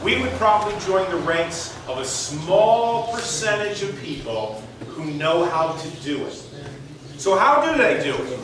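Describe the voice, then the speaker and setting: A man's voice: sits high, very animated, unhurried, background noise. A man in his sixties giving a storytelling talk on stage, speaking conversationally and directly to the audience while demonstrating with his hands. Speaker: motivational speaker. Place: large hall with audience. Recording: echoey hall from far off.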